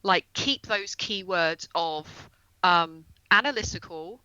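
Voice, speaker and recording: A woman guest on a podcast, explaining astrology in a casual, earnest way and slowing down on key terms. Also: lowish voice, pushed and bright, clear, resonant tone, dry recording, muffled recording.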